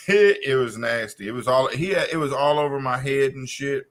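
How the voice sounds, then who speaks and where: A man's voice: mid-range voice, moderate pace, fairly bright tone. A man telling a long profane story on a casual podcast, with a loose, drawling delivery. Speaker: co-host.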